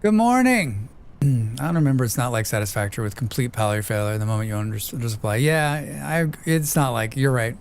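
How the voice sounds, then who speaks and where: An American livestreamer chats casually with viewers while playing a game, reading chat aloud, swearing freely and laughing often. His medium-pitched voice is brisk, clear and resonant.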